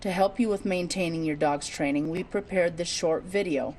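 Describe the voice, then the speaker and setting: A woman narrating a training video in a calm, measured, scripted reading. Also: on the low side, slight background noise.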